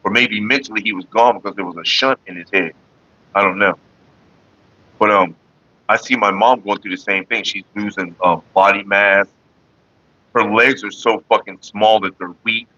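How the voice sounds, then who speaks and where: A man's voice: lowish voice, fairly even intonation, moderate pace, bright, forceful tone, no room sound, dull audio. A middle-aged man hosting a casual livestream, talking bluntly and with lots of swearing straight to his chat viewers. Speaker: livestream host.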